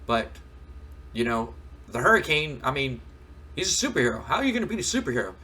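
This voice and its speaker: A man's voice: mid-range voice, big pitch swings, fast talker, pushed and bright. A man voicing a hesitant young male wrestling boss who stammers apologetically. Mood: placating.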